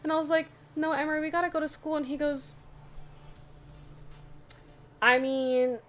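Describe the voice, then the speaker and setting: A young adult woman casually chatting to her viewers, telling a funny story with lively asides. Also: sits high, moderate pace. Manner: chatty, animated retelling with asides. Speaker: vlogger.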